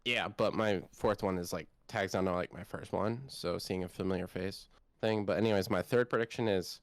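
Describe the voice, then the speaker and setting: A man's voice: low-pitched, steady tone, normal speed, no room sound. A man of about twenty, co-hosting a casual podcast chat and telling a long, rambling story with lots of energy. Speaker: co-host.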